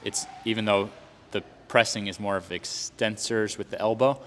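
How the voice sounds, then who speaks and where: A man's voice: on the low side, fairly even intonation, moderate pace, a bit bright, big-room sound. A man speaking as a podcast guest on knee training, earnest and building to heated emphasis in casual conversation.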